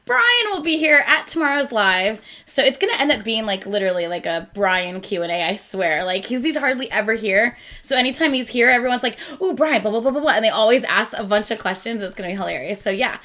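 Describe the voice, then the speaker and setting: A woman hosting a casual live stream, chatty and rambling, easily excited and quick to laugh. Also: mid-range voice. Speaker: reaction channel host.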